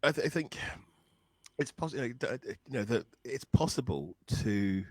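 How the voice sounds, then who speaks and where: A man's voice: mid-range voice, lively intonation, normal speed, no echo, low-quality recording. A man, a guest songwriter and blues musician, talking thoughtfully and earnestly in a conversation. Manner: earnest, thoughtful, searching for words. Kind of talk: reflective conversation.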